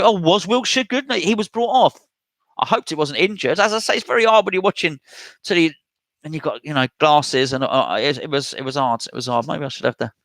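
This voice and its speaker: A man's voice: a little high, bright, forceful tone, no echo. A man hosting a casual live stream, chatting and reading out viewer comments as he replies. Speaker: host reading live chat.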